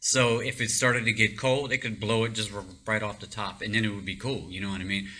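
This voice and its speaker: An excitable man spins a personal story in a loose, rambling way, full of fillers and restarts. His voice is very bright and sharp-edged, and he often breaks into laughter. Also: lowish voice, a little fast. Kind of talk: casual storytelling.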